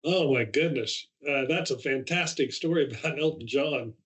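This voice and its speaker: A man's voice: mid-range voice, moderate pace, fairly bright tone, a little hiss or hum. A man hosting a podcast, asking questions and reacting with short, encouraging remarks. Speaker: podcast host. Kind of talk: interviewer, casual chat.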